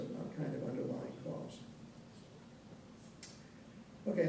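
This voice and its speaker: A man delivers a history lecture in a measured, thoughtful manner, often pausing to restart a phrase. His voice sits fairly high yet sounds very dark and gravelly. The recording is heavily echoey, caught from across a church hall. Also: distant mic, a little hiss or hum.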